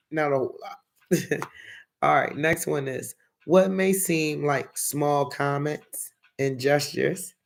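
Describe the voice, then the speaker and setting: Gravelly-voiced Philly man reading tarot. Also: mid-range voice. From Philadelphia. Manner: chatty, reads affirmation cards aloud and talks to viewers in the chat. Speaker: tarot reader. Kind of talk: casual live-stream tarot reading.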